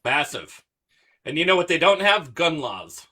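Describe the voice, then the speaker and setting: Male podcast co-host, fairly high voice, bright tone, quick one-liners. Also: sing-song. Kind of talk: casual podcast banter.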